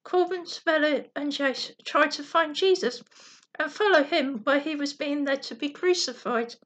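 High-voiced woman reading a bedtime story. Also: normal speed. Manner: gentle reading with slips and restarts.

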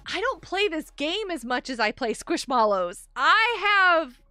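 A woman's voice: extremely high pitch, very animated, a little slow, bright, forceful tone, no room sound, soft background music. A woman streaming a game live, chatting casually, gushing thanks to viewers and giggling often.

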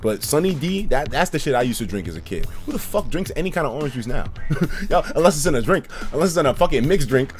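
A male streamer talks to his chat in a loose, foul-mouthed way, his pitch leaping up and down as he gets worked up. Faint game music plays underneath his voice. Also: fast talker. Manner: profane, animated, laughs often, talks straight to chat. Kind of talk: casual livestream chat reacting to chat and a game.

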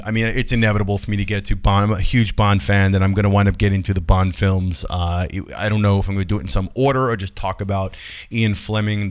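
A man hosting his own film channel, talking casually in a rambling, chatty way with many fillers and restarts. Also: on the low side. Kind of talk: casual vlog talk.

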